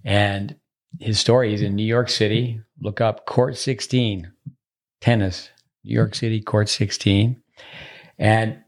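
Man, podcast host, lowish voice, chatty, rambling, casual. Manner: chatty, loose, rambling delivery. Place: resort.

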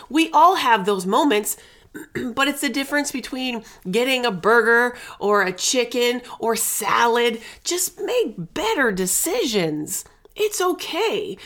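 A woman's voice: fairly high pitch, a bit bright. A middle-aged woman hosting a casual wellness podcast, talking candidly and chattily and dropping in endearments and the odd swear word. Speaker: podcast host.

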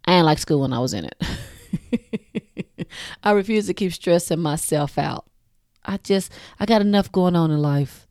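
A woman's voice: lowish voice, lively intonation, a little slow, pauses often, a little mellow, no echo, clean studio sound. A woman in her forties hosting a show, talking frankly and casually to her listeners, swearing freely and laughing at her own jokes. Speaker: podcast host.

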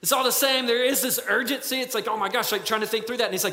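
Pastor, male, high-pitched and bright, earnest pleading preacher, echoey hall. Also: steady tone, very fast. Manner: earnest, pleading, with many fillers. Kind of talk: sermon.

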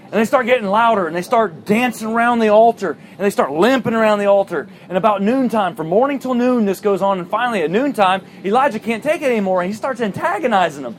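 A man preaching a sermon, retelling a Bible story in a lively way and acting out the characters' voices. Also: high-pitched, fast talker, hardly any pauses, slight background noise. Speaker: pastor.

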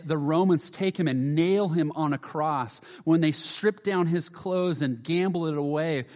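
A man preaching a sermon, earnest, often dropping to a hushed voice, with frequent restarts and repeated words. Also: a little high. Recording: long hall reverb.

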